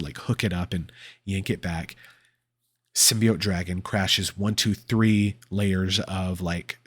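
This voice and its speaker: A man's voice: sits low, a bit bright, husky. A man hosting a podcast, casually recapping a comic book and rambling with fillers and laughs. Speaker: podcast host.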